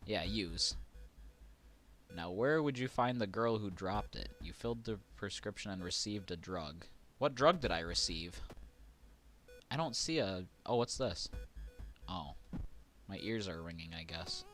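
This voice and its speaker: A man streaming a horror game, casually chatting, reading game text aloud and getting excitable. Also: deep voice, a little slow, long pauses, soft background music. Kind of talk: casual let's-play commentary.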